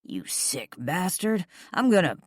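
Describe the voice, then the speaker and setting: A woman's voice: on the low side, very animated, takes it slowly, breathy edge, no room sound, studio quality, pitched above the performer's own voice, exaggerated voice. A woman reading a protective, hot-headed young man who snarls threats, in an audiobook. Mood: angry. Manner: angry and threatening.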